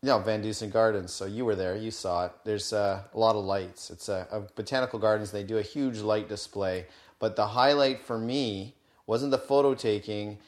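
A man, likely a father in his thirties, co-hosting a casual podcast, easygoing with short replies and halting when he explains things. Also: lowish voice, steady tone. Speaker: podcast co-host. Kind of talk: casual chat.

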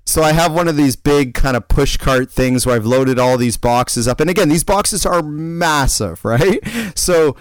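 Male co-host, rambling storyteller, smooth voice, dry close sound. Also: on the high side, a little slow, few pauses, no room sound. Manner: animated rambling storyteller, frequent restarts. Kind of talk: casual chat, personal anecdote.

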